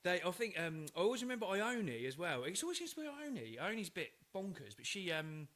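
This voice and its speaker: A man's voice: high voice, a little fast. A man, co-hosting a casual podcast chat and telling anecdotes about his children. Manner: chatty, relaxed anecdotes with frequent fillers. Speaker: podcast co-host.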